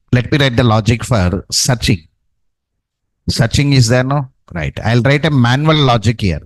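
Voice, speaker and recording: A man's voice: mid-range voice, dry recording, rough recording. A man teaching a programming class, dictating code and checking in with "no?" and "okay, right". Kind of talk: live coding lesson.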